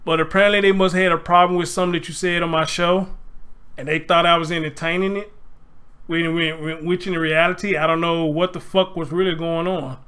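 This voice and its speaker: Animated high-voiced male livestream host. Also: brisk, clear, resonant tone. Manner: animated storytelling, reads viewer comments aloud. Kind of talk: casual livestream chat.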